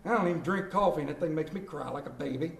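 A man preaching an Easter sermon in a folksy way, swinging between loud calls to the congregation and quiet asides. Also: on the high side, fast talker, creaky, slight background noise. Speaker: pastor. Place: church sanctuary. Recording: echoey church room.

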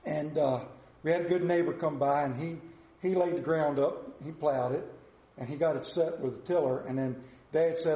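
High-voiced guy in his 50s preaching, folksy storyteller, echoey room. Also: steady tone, normal speed, darkish tone. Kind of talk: sermon with personal story.

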